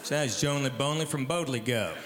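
A man's voice: mid-range voice, quick pace, heavy background noise. Man doing echoey live stand-up. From Tennessee, US. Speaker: stand-up comedian. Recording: echoey hall, live stage ambience.

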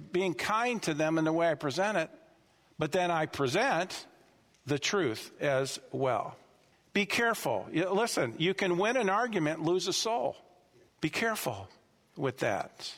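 A man's voice: high-pitched, animated, a little slow, fairly bright tone. A male pastor preaching a sermon with emphasis, repeating key phrases for his listeners. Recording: long hall reverb.

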